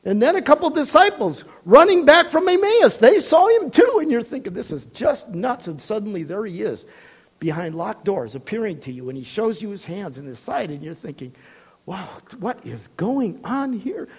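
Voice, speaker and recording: A man preaching a sermon in a high voice that swoops widely up and down. He tells the story with acted-out voices and laughs along the way. He shifts from loud calls to hushed, low asides. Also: moderate pace, breathy edge. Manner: animated storytelling, acting out voices, laughs often.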